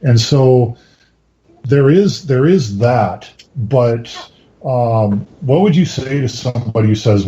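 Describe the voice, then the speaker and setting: A man's voice: medium pitch, expressive, slow pace, dark tone. A man hosting a podcast interview, talking conversationally with frequent fillers. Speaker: podcast host. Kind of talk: casual interview talk. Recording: dull lo-fi audio.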